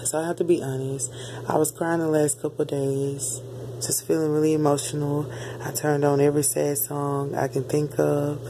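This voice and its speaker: A woman's voice: low voice, moderate pace, noisy background. A woman telling a personal story in a candid, rambling, casual way while lying in bed at home. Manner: rambling, candid, animated retelling. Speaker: spiritual channeler.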